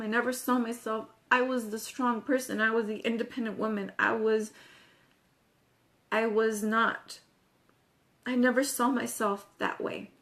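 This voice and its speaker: Tearful high-voiced woman telling her story. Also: a bit bright. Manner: halting, repeats phrases, apologetic. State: tearful, crying. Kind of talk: emotional personal testimony.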